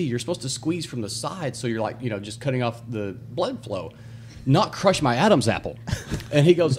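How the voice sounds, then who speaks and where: A man telling a story as a podcast guest, animated and swearing, acting out the voices in it. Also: fairly high pitch, brisk, a little hiss or hum. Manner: animated, swearing, acts out voices in his stories. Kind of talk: casual storytelling.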